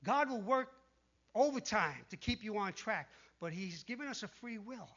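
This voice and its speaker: A man preaching a sermon in an animated way, dropping to a hush when he quotes the tempters. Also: sits high, moderate pace. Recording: dull lo-fi sound.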